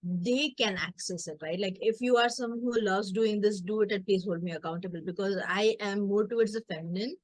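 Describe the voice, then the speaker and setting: A chatty woman hosts an online workshop in a mid-range voice, animated and jokey, often slipping into playful voices for her family. The sound is dry and close. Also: medium pitch, a little fast, hardly any pauses, dry recording, low-quality recording. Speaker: coach and community host. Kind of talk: casual workshop chat.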